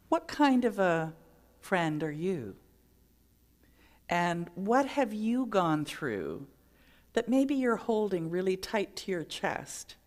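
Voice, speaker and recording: A woman's voice: lowish voice, a little mellow. A middle-aged woman minister giving a sermon, telling stories and acting out the voices in them. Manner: storytelling, acts out quoted voices.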